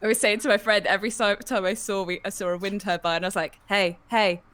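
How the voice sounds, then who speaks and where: A woman's voice: medium pitch, steady tone, fast talker, a bit bright. A woman with a giggly manner, swearing playfully as she trades jokes on a live-streamed comedy podcast. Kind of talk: laughing comedic banter. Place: live-streamed studio chat.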